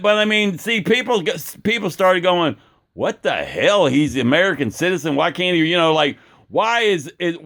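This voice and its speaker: A man's voice: high voice, a bit bright, smooth. A man delivering an angry, profane political rant with many stumbling restarts. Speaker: political commentator.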